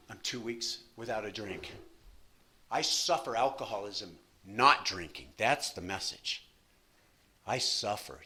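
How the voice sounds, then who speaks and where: A man in his 60s shares his recovery story from the podium at a meeting, repeating himself a lot while staying animated and poking fun at himself. His voice is on the low side.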